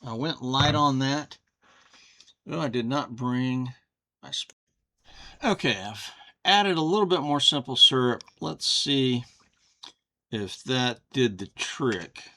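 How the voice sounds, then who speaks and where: Man, bright voice, easygoing, talks through his drink as he goes. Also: mid-range voice, expressive. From Texas. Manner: folksy, unhurried, thinks aloud. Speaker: whiskey reviewer. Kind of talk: casual home review.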